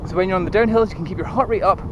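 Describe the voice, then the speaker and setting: Man, high voice, casual running vlog, puffing a bit, loud outdoor noise. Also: very fast, lo-fi sound. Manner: chatty, rambling, slightly breathless from jogging. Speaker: running vlogger. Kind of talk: casual vlog while jogging. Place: outdoors on paths near a city. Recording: outdoor noise, planes and traffic. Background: traffic and aircraft noise.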